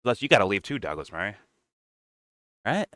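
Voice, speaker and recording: A man's voice: lowish voice, big pitch swings, normal speed, fairly bright tone, no room sound, clean studio sound. A man co-hosting a casual commentary chat, sarcastic and swearing, laughing often as he mocks people. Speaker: podcast co-host.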